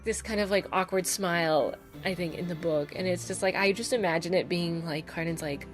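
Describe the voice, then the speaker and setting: Over background music, a female book reviewer talks a little fast with few pauses in a lowish voice. She gushes casually about a novel on her channel, spoilers included, peppering her chat with "like" and "oh my God."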